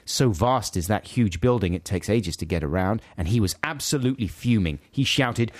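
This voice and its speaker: Animated man reading emails. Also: fairly low pitch, moderate pace, hardly any pauses, no room sound. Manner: animated, laughing, puts on voices for quoted lines. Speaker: podcast co-host. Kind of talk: casual chat reading listener emails.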